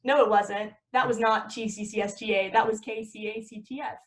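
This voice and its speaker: A woman's voice: medium pitch, fairly even intonation, a little fast. A young adult woman chatting as a podcast guest, rambling and laughing at herself as she talks. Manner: rambling, laughing, self-mocking. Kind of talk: casual podcast chat.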